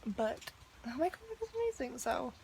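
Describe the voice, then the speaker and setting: A woman's voice: sits high, very animated, moderate pace, creaky, darkish tone, slight background noise. A young woman ranting in a video diary, chatty and exasperated, with lots of "like". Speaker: vlogger.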